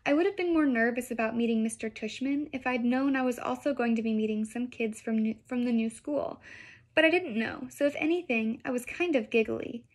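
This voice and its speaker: A woman teacher reading a children's book aloud in an expressive storytelling manner. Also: on the high side, fairly quick.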